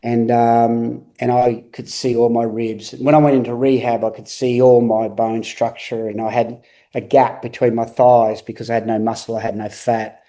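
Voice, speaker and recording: Earnest man telling his story, mellow voice. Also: mid-range voice, little pitch movement. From Australia. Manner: earnest, repetitive, halting restarts. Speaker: guest. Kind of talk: candid interview talk.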